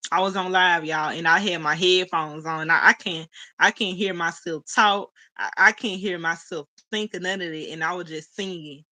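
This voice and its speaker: Chatty young woman livestreaming, bright voice. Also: on the low side, fairly even intonation, normal speed. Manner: chatty, laughs often, talks to chat as y'all. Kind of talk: casual livestream chat, reading comments.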